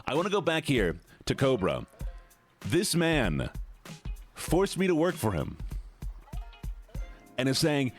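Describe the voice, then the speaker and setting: A man's voice: wildly swooping pitch, slow pace, pauses often, faint music behind. A man streaming a video game, chatting casually and rambling, jumping between voices. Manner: rambling, jumps between pitches while demonstrating voices. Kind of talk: casual gaming stream chat.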